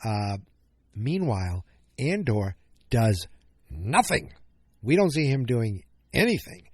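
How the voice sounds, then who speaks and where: A man's voice: medium pitch, big pitch swings, takes it slowly, breathy edge, no room sound, studio quality. A man hosting a casual solo podcast recap, thinking aloud with many fillers and self-corrections, sounding a bit tired. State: yawning, tired. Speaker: podcast host.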